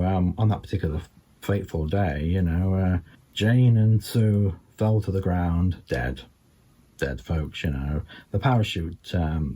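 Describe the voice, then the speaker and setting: Low, husky Scouse man telling deadpan jokes. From England. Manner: halting, full of ums and you-knows. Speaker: stand-up comedian. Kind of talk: deadpan stand-up storytelling.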